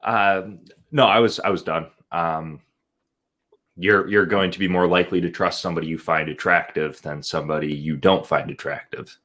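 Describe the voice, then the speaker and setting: A man in a live online chat, explaining points in a measured way with fillers. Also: sits low, steady tone, a bit bright. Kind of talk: casual group chat.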